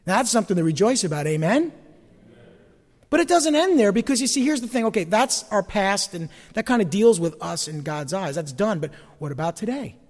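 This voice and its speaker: A man preaches in an animated, folksy way, his voice high and swinging widely in pitch. It rings with a long hall reverb, as in a church sanctuary. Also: brisk. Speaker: pastor. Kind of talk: sermon.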